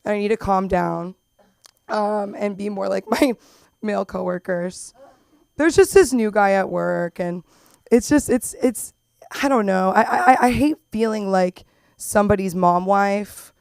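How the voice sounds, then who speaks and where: A young woman from Los Angeles with a Valley girl accent, doing open mic stand-up in a rambling, filler-heavy way that jumps into loud squeals. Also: medium pitch, unhurried, creaky, clear, resonant tone, no echo. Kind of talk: stand-up comedy. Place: comedy club.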